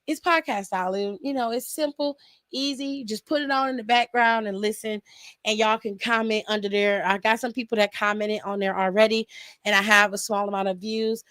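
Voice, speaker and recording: A woman's voice: medium pitch, fairly even intonation, a little fast, fairly bright tone, no echo. A young woman hosting a casual live-stream aftershow, chatty and laughing often, talking straight to her viewers from home.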